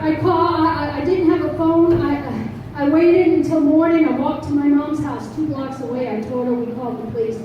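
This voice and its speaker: A woman preacher telling a testimony in an animated way, acting out the voices in her story. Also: high voice, normal speed, hardly any pauses, muffled recording, noisy background. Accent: Northeastern US. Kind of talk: testimony sermon. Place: church sanctuary. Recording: echoey church from far off.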